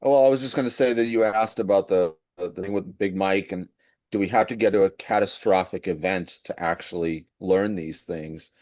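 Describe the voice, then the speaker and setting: Low-voiced man, thoughtful. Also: moderate pace, darkish tone, no room sound. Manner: thoughtful, offering opinion. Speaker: co-host. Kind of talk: casual faith talk.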